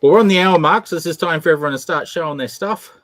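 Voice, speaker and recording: A man's voice: fairly high pitch, quick pace, a bit bright, a little hiss or hum. A man hosting a casual drawing stream, laid-back and joking as he moves things along.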